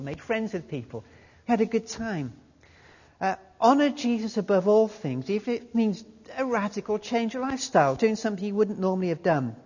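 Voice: medium pitch, a little mellow, slightly rough. Middle-aged preacher in a reverberant hall. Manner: conversational preaching, restarts, quotes read aloud. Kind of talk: sermon. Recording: dull recording in reverberant hall.

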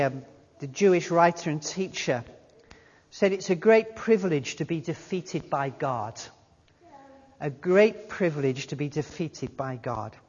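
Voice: medium pitch, a little mellow. A middle-aged preacher gives a conversational sermon, restarting phrases and reading quotations aloud. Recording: dull recording in reverberant hall.

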